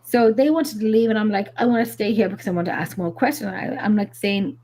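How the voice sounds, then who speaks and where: A woman paranormal investigator from Ireland, casually telling stories on a live show, animated and full of fillers and swearing. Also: mid-range voice, a little fast, vocal fry, hardly any pauses.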